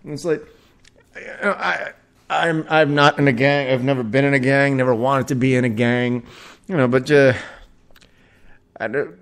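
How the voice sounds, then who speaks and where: A man's voice: medium pitch, fairly even intonation, moderate pace, vocal fry, long pauses. Rambling profane man in his forties. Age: 40s. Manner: rambling, profane, frequent restarts and laughs. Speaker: podcast host. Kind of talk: casual solo podcast rant.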